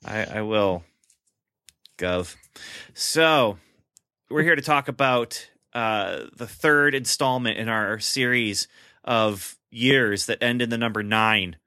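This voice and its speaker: Chatty podcast host, low bright voice. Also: male voice, takes it slowly, clean tone, no echo, clean studio sound. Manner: chatty, laughs often, many fillers and restarts. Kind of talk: casual chat.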